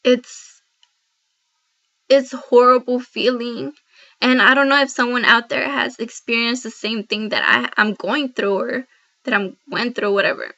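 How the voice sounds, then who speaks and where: A woman's voice: a little high, fairly even intonation, measured pace, sharp tone. A woman speaking to camera in an earnest devotional vlog, heartfelt and rambling, addressing viewers directly. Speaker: Christian vlogger. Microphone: laptop built-in mic. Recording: dull lo-fi laptop audio.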